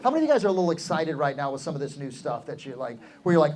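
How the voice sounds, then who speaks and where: A man's voice: on the high side, rapid-fire. A middle-aged man coaching real estate agents in a live seminar, talking energetically and quizzing the audience. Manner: energetic, asks the crowd questions, calls for answers.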